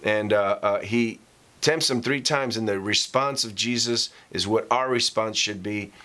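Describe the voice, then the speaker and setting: A man preaching a casual vlog sermon as a pastor. He talks conversationally with fillers and reads scripture slowly for emphasis. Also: on the low side, pushed and bright.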